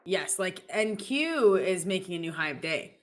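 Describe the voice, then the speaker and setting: A woman's voice: fairly low pitch, very animated, normal speed. A woman co-hosting a live trading stream in a playful, chatty way, jumping between topics. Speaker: live trading show co-host. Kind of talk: casual live-stream chat.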